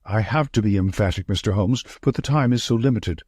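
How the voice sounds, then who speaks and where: A man's voice: lowish voice, a little fast, darkish tone, slightly rough, no room sound, clean studio sound. A man doing a breathless, frightened manager. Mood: urgent. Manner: breathless, urgent short sentences. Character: nervous, frightened thin male estate manager.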